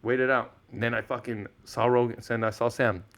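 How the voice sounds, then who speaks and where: A man's voice: medium pitch, brisk. Spanish-first guy in his 30s, podcast guest telling stories, slangy, swears a lot, does everybody's lines. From Mexican-American, Southern California. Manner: animated storyteller, slangy, swears, acts out quotes. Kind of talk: casual podcast storytelling.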